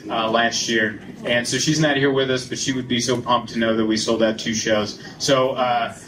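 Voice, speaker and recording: A man's voice: medium pitch, normal speed. A man performing a stand-up comedy set on a club stage, telling stories and acting out voices on a handheld mic. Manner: animated storytelling, acts out voices. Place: comedy club stage before a laughing crowd. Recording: loud crowd laughter and room noise.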